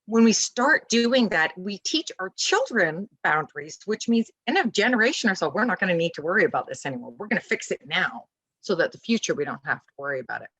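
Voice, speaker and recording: A woman guest in a casual interview, talking about parenting in an animated, emphatic way and acting out little dialogues. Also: fairly low pitch, brisk, slightly rough, no echo, rough recording.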